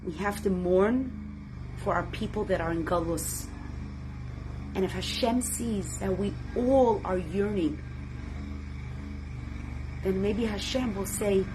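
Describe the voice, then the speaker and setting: A woman teaches a religious class with deep, impassioned feeling, shifting from loud exclamations to hushed tones and addressing her listeners as friends. She speaks slowly with long pauses, over background noise.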